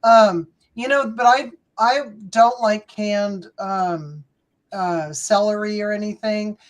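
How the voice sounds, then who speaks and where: A woman's voice: medium pitch, slow, rough recording. Chatty woman on a panel. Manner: chatty, hesitant fillers. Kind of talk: casual panel chat.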